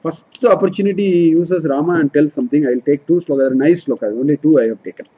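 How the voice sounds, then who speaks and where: A man's voice: a little high, quick pace, husky, dull audio. A man teaching a scripture study class, explaining verses line by line and often repeating and correcting himself. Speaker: Vedanta teacher.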